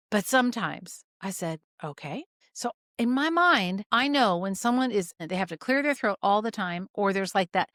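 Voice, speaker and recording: Animated woman retelling a patient story. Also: dry recording, studio quality. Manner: animated, acts out both sides of conversations with big pitch jumps. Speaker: podcast host and functional medicine practitioner. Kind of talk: casual storytelling of a clinical case.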